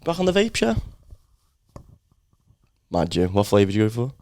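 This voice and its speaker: A man's voice: lowish voice, huge pitch swings, moderate pace, darkish tone. A man co-hosting a podcast in a casual chat, laid-back and a little squeamish, laughing along. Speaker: podcast co-host.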